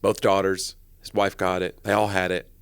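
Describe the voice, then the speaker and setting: A man co-hosting a podcast in casual chat, a little hoarse with a morning voice after covid, telling stories playfully. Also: deep voice, level tone, moderate pace, no echo. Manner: playful, jokey storytelling. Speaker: podcast co-host.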